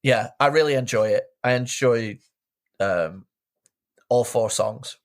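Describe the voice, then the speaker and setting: A man chats as a podcast co-host in a relaxed, agreeable way. He often restarts his words with small stammers. His voice sits at an ordinary middle pitch. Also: slow. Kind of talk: casual chat.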